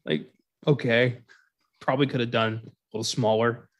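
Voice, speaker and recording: A man's voice: mid-range voice, fairly even intonation. A man co-hosting a casual movie talk show, who laughs often and acts out lines from scenes. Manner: laughing often, acts out quotes in quick bits. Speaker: podcast co-host.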